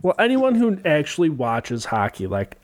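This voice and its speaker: A man's voice: on the high side, wildly swooping pitch, moderate pace. A young man co-hosting a casual sports podcast, bantering in a laid-back, joking and profane way. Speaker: podcast co-host.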